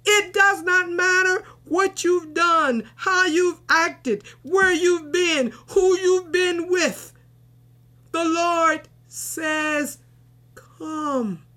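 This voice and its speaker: A woman's voice: very high voice, steady tone, very slow, pushed and bright. A woman preaching a sermon with fervent emotion, reciting and singing hymn lines.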